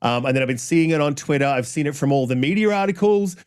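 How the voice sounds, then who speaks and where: A man's voice: a little high, expressive, fast, a little mellow, clear, resonant tone. Rambling, apologetic male podcast host. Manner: rambling, apologetic, frequent "um"s and restarts. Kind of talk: casual podcast chat.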